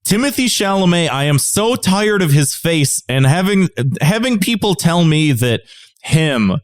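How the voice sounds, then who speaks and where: A man's voice: high-pitched, very animated, a little slow. A man co-hosting a podcast in casual chat, rambling into exasperated, profane rants. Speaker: podcast co-host.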